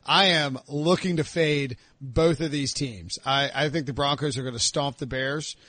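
A man hosting a sports podcast, talking in an animated, mocking, casual way. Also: medium pitch, moderate pace, no echo. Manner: animated, mocking, puts on voices of fans. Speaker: podcast host.

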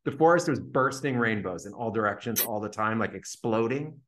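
A man's voice: lowish voice, animated, moderate pace, fairly bright tone. A man telling a story, loaded with fillers. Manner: vivid retelling full of "like" fillers. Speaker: podcast guest. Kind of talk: casual storytelling.

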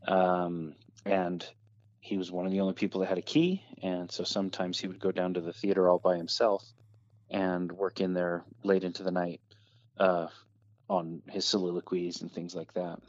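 A man's voice: low voice, flat delivery, normal speed, darkish tone, highs cut off. A man telling a ghost story about an old theater in a casual, rambling way, with many fillers and restarts.

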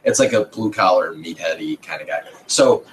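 A man's voice: deep voice, lively intonation, normal speed, slight background noise, rough recording. A man host telling a casual story in a podcast chat, swearing freely and breaking into laughter.

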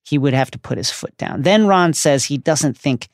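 Gravelly, animated man recapping a book. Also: on the high side, moderate pace, dry recording, clean studio sound. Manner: animated, jokey retelling with slang. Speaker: podcast co-host. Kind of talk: casual book recap chat.

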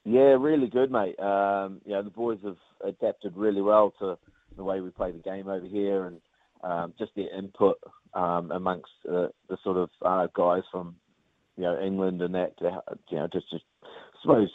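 A man's voice: low voice, flat delivery, moderate pace, no echo. A man with a New Zealand accent, a rugby player chatting casually in an interview, rambling with lots of fillers and calling the host mate. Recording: phone-line audio.

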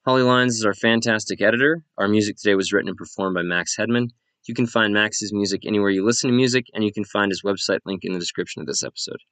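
Man, low voice, dry close sound, brisk even credits read. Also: dry recording. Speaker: podcast player and credits reader. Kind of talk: reading end credits.

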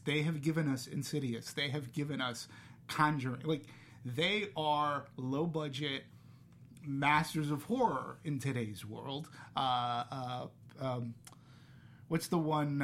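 A man hosting a casual movie review chat, talking in an animated way with sarcastic asides. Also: mid-range voice. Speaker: podcast host.

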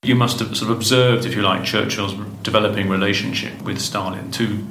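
A man's voice: on the low side, fairly even intonation, brisk, a bit bright, a little hiss or hum. A man interviewing a guest, asking questions in a curious, hedging way. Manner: inquisitive, hedging phrasing. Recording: echoey room sound.

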